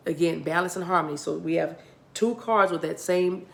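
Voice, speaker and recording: Low gravelly American woman reading cards. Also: moderate pace. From United States. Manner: repetitive, restarting, addresses viewers directly. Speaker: spiritual card reader. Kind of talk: tarot-style card reading.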